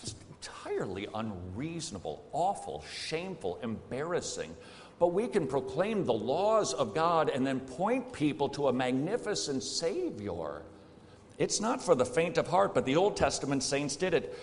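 A man's voice: fairly high pitch, big pitch swings, moderate pace, slight background noise. A man preaching a sermon, emphatic and plain-spoken, firing off rhetorical questions. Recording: long hall reverb.

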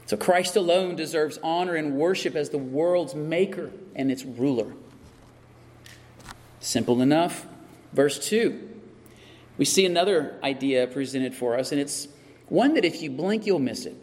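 A man's voice: on the high side, a little slow, a little mellow, in a large hall. A man preaching a sermon as pastor, building emphasis with repeated phrases and questions.

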